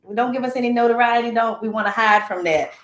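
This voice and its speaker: A woman guest in a relaxed conversation, chatty and full of stories. Her voice carries a roomy echo around it. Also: on the high side, fast talker. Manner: chatty, storytelling. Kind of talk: casual chat.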